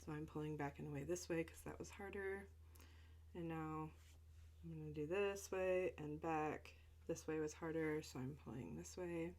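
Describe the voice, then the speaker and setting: A young woman with a slightly low voice demonstrates stretches step by step. She talks casually, with fillers and small asides, as a voice teacher guiding students. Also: normal speed. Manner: relaxed, chatty, with fillers and asides.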